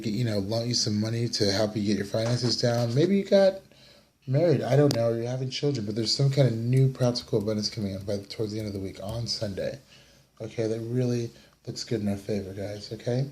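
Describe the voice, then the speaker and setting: A man's voice: mid-range voice, a little mellow, a little hiss or hum. A tired young man from the United States giving a casual weekly tarot reading, rambling and apologizing for his yawns. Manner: rambling, apologetic, yawning, fillers. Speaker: tarot reader. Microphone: camera mic.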